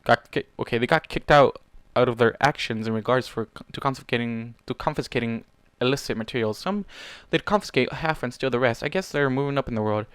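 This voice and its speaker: A man's voice: medium pitch, brisk, few pauses, smooth, no echo, lightly acted. A man voicing a young male pegasus guard from a pony fan story, sullen and mumbling in manner. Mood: worried.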